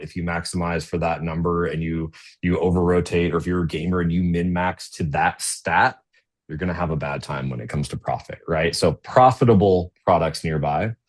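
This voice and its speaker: A low-pitched man walks viewers through a software demo on a webinar. He talks in a loose, conversational way and keeps tagging his points with "right?". He sounds like he is speaking into a computer mic on a video call. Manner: conversational, tags sentences with "right?". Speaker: webinar presenter. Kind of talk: casual business webinar walkthrough.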